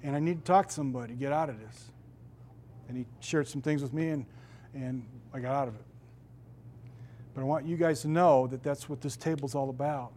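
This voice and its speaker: A middle-aged man, a pastor, preaching a sermon with emphatic, drawn-out stresses on key words. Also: medium pitch, warm tone, a little hiss or hum.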